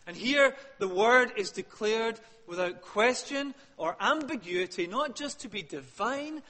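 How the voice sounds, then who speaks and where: A man preaching a sermon, emphatic, rising to loud peaks and dropping to hushed questions. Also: very high-pitched, animated, unhurried, few pauses. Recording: long hall reverb.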